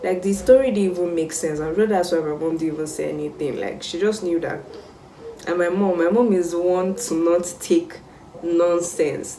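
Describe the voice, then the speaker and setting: A young Nigerian woman telling a casual storytime vlog, animated and exclamatory. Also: fairly low pitch, moderate pace, far from the mic, a little hiss or hum. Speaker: vlogger. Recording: roomy sound, mic set back.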